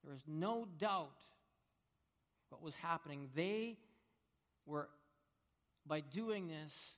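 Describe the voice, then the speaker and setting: A man preaching a sermon, telling vivid stories that swing between hushed and loud. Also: on the high side, animated, slow. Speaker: pastor. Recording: long reverb of a large hall.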